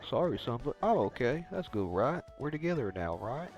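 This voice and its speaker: A man voicing a gruff, folksy older male turtle father in a deeper, nasally voice while reading game dialogue aloud. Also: very animated, moderate pace, a little mellow, highs cut off, soft background music.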